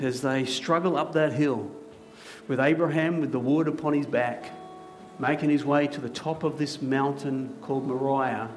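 A male pastor preaching a sermon in a church, telling a story vividly with dramatic pauses. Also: mid-range voice. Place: church hall.

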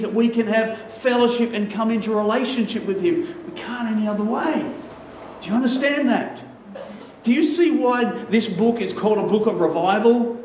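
A male pastor delivers an emphatic sermon, often slowing down and repeating phrases to drive them home. His voice sits high for a man. It rings through a roomy hall, caught by a mic set some distance away, with a faint hiss underneath. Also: darkish tone.

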